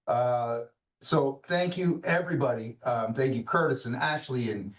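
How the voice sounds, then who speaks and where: A man hosting a webinar in casual chat, talking in a rambling, halting way with many restarts, on a video call. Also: mid-range voice. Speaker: webinar host. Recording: roomy, distant mic.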